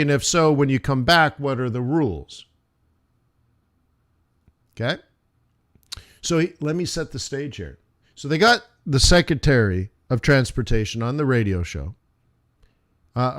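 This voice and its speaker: A man hosting a live trading stream, talking in a rambling, chatty way and checking in with his viewers. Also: on the high side. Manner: rambling, chatty, lots of "like" and "right?". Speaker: forex trading stream host. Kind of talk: casual live-stream chat.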